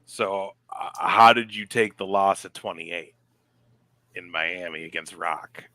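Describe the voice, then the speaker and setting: Jokey laid-back co-host guy, bright voice, dry close sound. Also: deep voice, slow, no echo. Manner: laid-back, jokey, calls people brother. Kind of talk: casual podcast chat.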